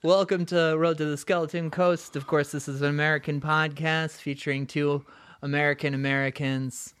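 A man's voice: fairly high pitch, flat delivery, moderate pace, a bit bright, clear, resonant tone. A man hosting a podcast in a jokey, laid-back chat. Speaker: podcast host. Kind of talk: casual chat.

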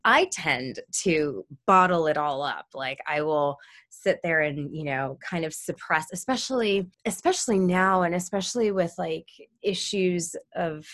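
A woman in casual conversation, talking animatedly and jumping up into high excited tones at times. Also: measured pace. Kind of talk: casual chat.

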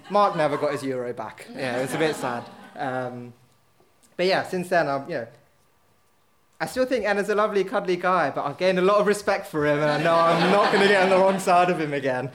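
A man's voice: a little high, fairly quick, fairly bright tone. A man telling a casual anecdote on stage, rambling with lots of fillers and poking fun at himself. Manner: rambling, filler-heavy, self-mocking. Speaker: storyteller at a live event.

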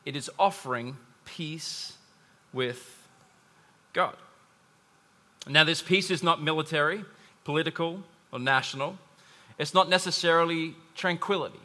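A man's voice: fairly high pitch, a little slow, long pauses, sharp tone. A man preaching a sermon to a congregation, conversational, with asides and humor. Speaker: pastor. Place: church hall. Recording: long hall reverb.

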